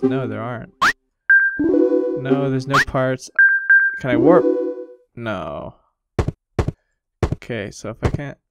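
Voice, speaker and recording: Slow-talking man playing a horror game. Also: mid-range voice, heavy background noise. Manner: excitable, reads game dialogue aloud. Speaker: gaming video host. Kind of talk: let's play commentary. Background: loud game music.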